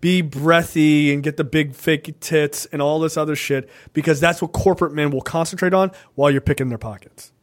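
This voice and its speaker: A man with a fairly high pitch talks a bit fast, barely pausing. Co-hosting a podcast, he riffs on politics casually, cursing, animated, and rambling, with frequent "right?" tags.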